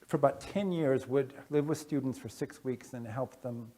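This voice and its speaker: A man giving a casual conference talk to an audience, halting, with many fillers and restarts. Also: mid-range voice, mellow. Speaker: conference speaker. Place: conference room. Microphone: wearing headphones with a masking device.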